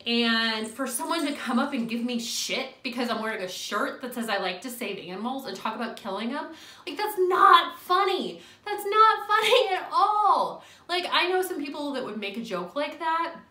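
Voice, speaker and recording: A young woman vents through a casual storytime rant, animated and exasperated, dropping swear words and quick laughs. Her voice is bright and sharp and sits a touch high. The recording carries a noticeable room echo. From US Midwest. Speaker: vlogger.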